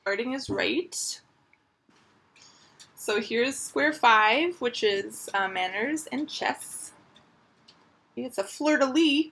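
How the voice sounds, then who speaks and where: Breathy chatty woman crochet vlogger. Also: on the high side, slow pace, pauses often, fairly bright tone. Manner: chatty, upbeat, lots of fillers. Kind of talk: casual show-and-tell.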